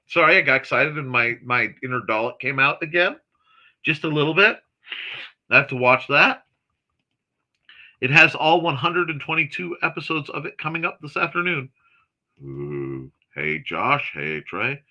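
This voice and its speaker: A man hosting a morning livestream, chatting casually and reading viewer comments aloud in a chatty, excitable way with snarky asides. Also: medium pitch, unhurried. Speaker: host of a morning livestream chat show.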